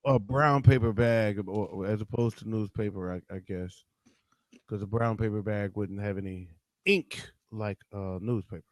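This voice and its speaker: A man's voice: lowish voice, fairly even intonation, moderate pace, no echo. A man from Detroit hosting a casual morning livestream, joking loosely, cursing freely and greeting viewers by name. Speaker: livestream host.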